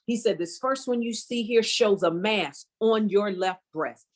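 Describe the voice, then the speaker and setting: A woman's voice: mid-range voice, measured pace. A middle-aged woman sharing a fervent personal testimony as a guest, preacher-like and emphatic, repeating phrases for weight. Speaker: guest speaker.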